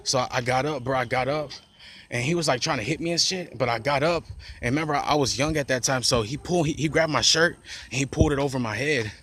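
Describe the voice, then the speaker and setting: A man's voice: mid-range voice, quick pace, a bit bright. A man telling a personal story in a loose, rambling way, heavy on profane slang, restarts and "bro", recorded outdoors on a phone. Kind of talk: casual storytime monologue.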